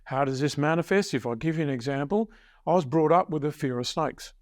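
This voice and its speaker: A man in his sixties, a success coach, telling stories in a deliberate, emphatic, teacherly way during a podcast interview. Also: a little high, no echo, clean studio sound. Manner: deliberate, emphatic teacherly delivery with slowed key phrases.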